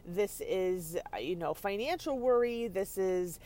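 A woman podcast host teaches leadership and stress with bright, chatty energy. She speaks from her parked car on a rainy day, laughing often and pausing to check in with her listeners. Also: mid-range voice, expressive. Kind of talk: motivational teaching talk.

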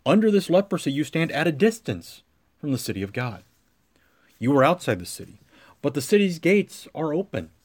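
A man preaching a sermon as pastor, with a measured cadence that swells into emphatic lines. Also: medium pitch, a little mellow.

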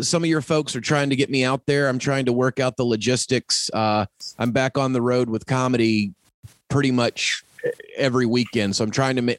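A man's voice: mid-range voice, dry recording. Folksy, enthusiastic male podcast host. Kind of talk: casual interview chat.

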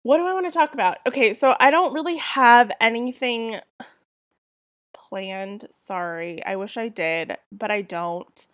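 A woman's voice: fairly high pitch, measured pace, fairly bright tone, no room sound, clean studio sound. A young woman with a Southern California accent, hosting a casual solo podcast, rambling and chatty with lots of fillers while getting over a cold. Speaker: podcast host.

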